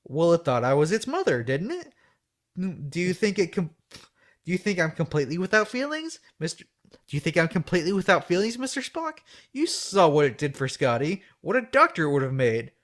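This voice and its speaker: A man's voice: a little high, big pitch swings, brisk, a bit bright. Persuasive starship captain, insistent; man reads it. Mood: wry.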